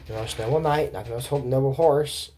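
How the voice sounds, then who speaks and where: A man's voice: mid-range voice, fairly quick, dark tone, a little hiss or hum. A man giving a casual, rambling recap of a cartoon episode, full of fillers, asides and incredulous reactions. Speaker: cartoon reviewer.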